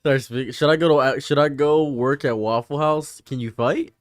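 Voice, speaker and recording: A young man chatting casually on a live stream, animated, rambling and laughing often. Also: fairly high pitch, moderate pace, no echo, clean studio sound, soft background music.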